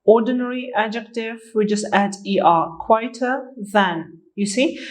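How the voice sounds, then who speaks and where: A woman's voice: mid-range voice, a little mellow, poor audio. A woman teaching an English grammar lesson, speaking patiently and repeating each word for learners to practise. Her first language is Azerbaijani.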